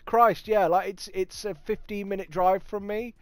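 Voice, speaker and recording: A man with a Nottingham accent hosting a casual livestream, chatting, swearing freely and thanking viewers with bursts of excitement. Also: sits high, normal speed, clean tone, no echo. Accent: Nottingham English. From England. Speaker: livestream host. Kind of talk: casual livestream chat reading viewer comments.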